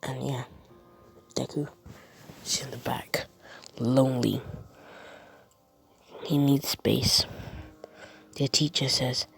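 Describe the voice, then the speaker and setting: A man's voice: mid-range voice, little pitch movement, slow, gravelly, pauses often, fairly bright tone, slightly rough, soft background music, rough recording. A man improvising a fan story as a storyteller, rambling and often dropping to a whisper. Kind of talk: improvised fan-fiction narration.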